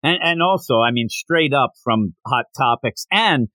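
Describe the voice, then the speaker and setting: A man co-hosting a podcast, chatting casually about a manga he read and acting out its lines in quick, animated recaps. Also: mid-range voice, no room sound. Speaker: podcast co-host. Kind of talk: casual chat reviewing manga.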